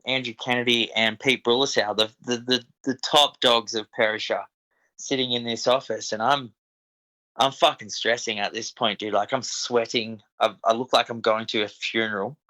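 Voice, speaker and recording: A man's voice: medium pitch, steady tone, moderate pace, sharp tone, poor audio. A young Australian man telling stories as a podcast guest, laid-back and swearing freely, often saying "dude" and "man". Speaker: podcast guest, equipment operator. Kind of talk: casual storytelling.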